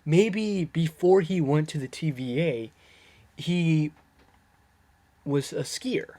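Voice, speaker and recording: A person casually recapping a TV episode, rambling, laughing often, losing track of words and getting excited when puzzled. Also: mid-range voice, takes it slowly. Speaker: video creator reviewing a TV episode. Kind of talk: casual chatty episode breakdown.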